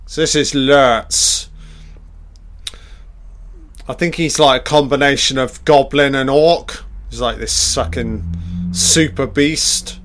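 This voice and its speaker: A man talks over a film as it plays, reacting with excitement and cursing freely. His delivery is slow and drawn out, with an ordinary mid-range pitch. He sounds like a fan chatting casually rather than a polished presenter. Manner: excitable, heavy swearing, reacts aloud to the screen. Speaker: film commentator.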